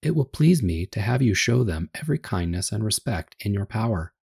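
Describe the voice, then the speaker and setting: A man's voice: lowish voice, animated, brisk, vocal fry, darkish tone, slightly rough, heavily acted. A man reading a gracious fairy princess. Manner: gracious, formal. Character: gracious young fairy princess, regal and kind.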